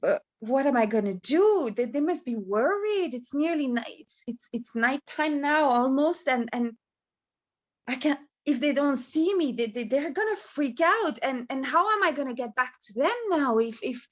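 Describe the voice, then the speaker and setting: A woman's voice: high-pitched, expressive, normal speed. A woman voicing a pampered, well-mannered young female dog who speaks in a prim, fretful way. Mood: panicky.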